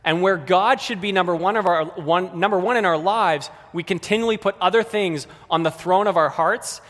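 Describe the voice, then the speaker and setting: A man's voice: high-pitched, normal speed, fairly bright tone, big-room sound. A man preaching a sermon in a conversational way, speaking directly to the kids and the adults in the congregation.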